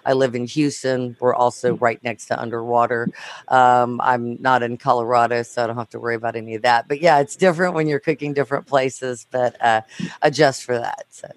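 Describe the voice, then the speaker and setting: A woman from Louisiana, chatting casually and telling a story with lively, laughing energy. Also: rumbling low, a little fast, no room sound. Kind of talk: casual chat.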